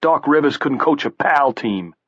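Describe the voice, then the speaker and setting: A man voicing a gruff, bloodied, bald brawler, blunt and profane. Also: on the high side, lively intonation, normal speed, a bit bright, dry recording, highs cut off, voice pushed up.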